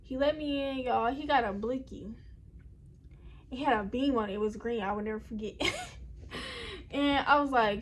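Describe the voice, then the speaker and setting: A young woman with a high, light voice tells a personal story in a loose, rambling way. She keeps turning to her viewers as she talks. A faint room hum sits behind her at home. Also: normal speed, pauses often. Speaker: vlogger. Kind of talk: casual storytime. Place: indoors at home.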